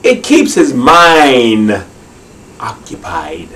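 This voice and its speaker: A man voicing a kindly, soft-hearted male wombat from a storybook, gentle and soothing in his speech, heard from a distance. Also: medium pitch, huge pitch swings, extremely slow, voice pushed up, full character voice.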